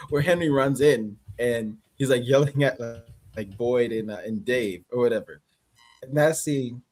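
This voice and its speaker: A man with a Canadian accent, an actor guest chatting loosely with lots of fillers. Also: medium pitch. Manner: loose, rambling, many fillers. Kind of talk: casual interview chat.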